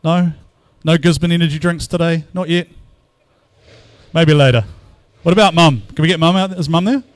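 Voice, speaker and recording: A man's voice: fairly high pitch, moderate pace, no echo. A man commentating live at an outdoor drift event, bantering and teasing the crowd between battles.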